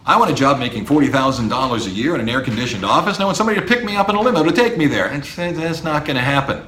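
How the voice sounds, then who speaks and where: Emphatic professor with a lively voice, echoey room. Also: male voice, mid-range voice, rapid-fire, slight background noise. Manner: lively, emphatic, mimics imagined students. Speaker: university professor, podcast host. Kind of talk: solo podcast monologue to students. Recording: echoey room with faint ambience.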